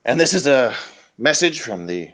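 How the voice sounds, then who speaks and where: A man's voice: medium pitch, sing-song, normal speed, a bit bright, poor audio. A man hosting an absurdist improvised comedy talk show, rambling from mock interview questions into fake sponsor messages and over-the-top dramatic monologues. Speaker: comedy host.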